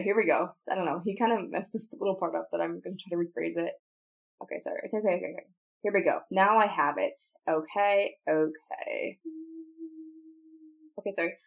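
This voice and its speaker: A podcast host with a gravelly, medium-pitched voice records casual outtakes. She laughs, apologizes and breaks off again and again to retry her story lines.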